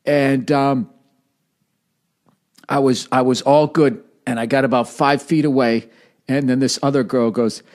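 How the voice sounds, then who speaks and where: A man's voice: medium pitch, steady tone, measured pace, long pauses, a little mellow. A man in his forties, a comedian telling rambling, profane, self-mocking stories in casual conversation. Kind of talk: conversational storytelling.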